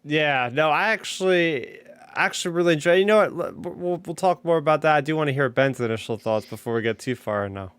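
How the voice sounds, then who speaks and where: Man, podcast host, casual, smooth voice, brief prompts, dry sound. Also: fairly high pitch, a little fast, fairly bright tone, no room sound. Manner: brief interjections, laughing along.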